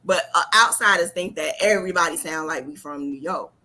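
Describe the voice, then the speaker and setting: A woman's voice: sits low, fairly quick, sharp tone. A woman with a New Jersey accent hosting a casual chat on a video call, emphatic and laughing often. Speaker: host.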